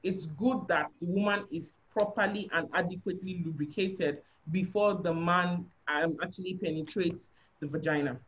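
A woman's voice: fairly low pitch, normal speed, hardly any pauses. A woman giving a frank, explanatory sexual health talk on a webinar, often checking that listeners understand. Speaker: guest speaker on sexual health. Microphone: video call. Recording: dull lo-fi webinar audio.

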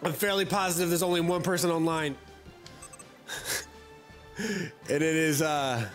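A man giving live, excitable gameplay commentary, swearing and trash-talking his opponent. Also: a little high, unhurried. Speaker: gamer. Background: loud game music.

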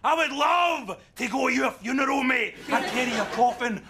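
An actor playing a Scottish man shouting insults in a comedy sketch, with a Scottish accent. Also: very high-pitched, lively intonation, normal speed, background noise. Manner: shouting, mocking. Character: bickering Scottish man escalating into rage.

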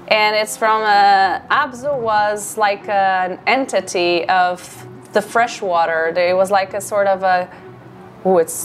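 Excitable woman, unhurried game commentary, mid-pitched, self-correcting. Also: slight background noise. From Portugal or Brazil (Portuguese-speaking). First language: Portuguese. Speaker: gaming streamer and marine biologist. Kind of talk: casual gameplay commentary.

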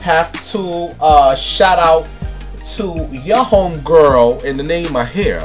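A man's voice: a little high, takes it slowly, soft background music. A man hosting a casual celebrity gossip vlog, talking in a sassy, flamboyant, camp way and calling his viewers honey and baby. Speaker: vlogger.

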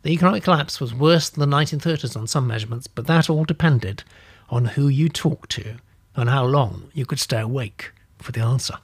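A man's voice: mid-range voice, a little fast, husky, no echo. A man hosting a live writing show, reading a comic submission aloud theatrically and then chatting with a guest. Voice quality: animated, theatrical reader. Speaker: host.

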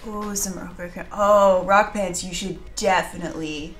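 A woman's voice: medium pitch, fairly even intonation, a little slow, a bit bright. A woman co-hosting a livestream, chatting playfully with friends. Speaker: livestream co-host. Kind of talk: casual chat.

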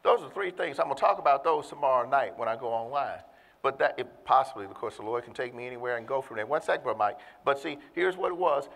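A man preaching a sermon with emphasis, calling out to the congregation and slowing down to stress key words. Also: medium pitch, gravelly, a bit bright. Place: church. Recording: long hall reverb.

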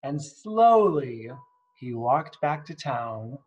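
A man's voice: fairly high pitch, animated, measured pace, dull audio. A man reading a picture book aloud at story time, adding chatty asides and asking the kids questions, at home. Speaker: reader at children's story time.

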